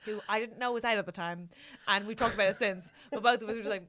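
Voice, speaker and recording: A woman co-hosting a podcast, chatting casually with quick, sweary exclamations. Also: medium pitch, a bit bright, slight background noise. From Ireland. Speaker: podcast co-host. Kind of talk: casual chat.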